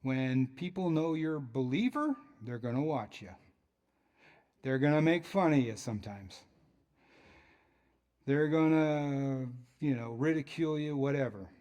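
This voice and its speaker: A man's voice: medium pitch, animated, a little slow, long pauses, a little mellow, muffled recording. A man as a pastor preaching a sermon in a church, in a conversational way with joking asides.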